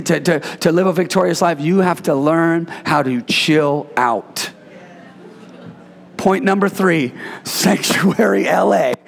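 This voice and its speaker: A man preaching an energetic sermon as pastor, playful and call-and-response, bursting into shouts. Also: high-pitched, vocal fry. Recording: reverberant hall.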